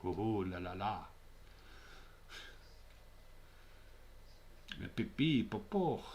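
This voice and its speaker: A man's voice: on the low side, expressive, a little slow, darkish tone, a little hiss or hum. A man voicing a hammy Frenchman in an exaggerated mock French accent. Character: hammy Frenchman sighing ooh la la.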